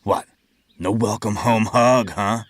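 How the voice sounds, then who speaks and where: A man playing a bitter, drunken father in a horror audio story, with a raspy voice and a slow, mocking way of talking. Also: on the low side, steady tone, a little hiss or hum. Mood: sneering.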